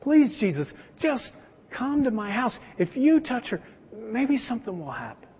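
Preacher acting out a desperate father pleading at a healer's feet; high voice, muffled hall sound. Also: sing-song, unhurried, breathy edge, heavily acted. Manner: pleading, urgent. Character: desperate father begging for his dying daughter. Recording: echoey hall, dull sound.

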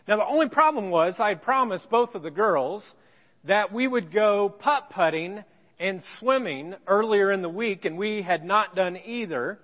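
A pastor telling a personal story in a sermon, with self-deprecating humor. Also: male voice, sits high, expressive, normal speed, big-room sound, highs cut off. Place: church sanctuary.

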